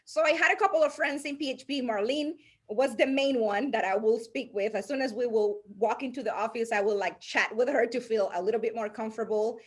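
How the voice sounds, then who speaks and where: A woman's voice: fairly high pitch, brisk, hardly any pauses, husky. A woman with a Spanish accent, Spanish her first language, telling stories as a podcast guest with frequent laughter and restarts. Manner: animated storyteller, laughs often, restarts mid-sentence. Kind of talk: casual podcast storytelling.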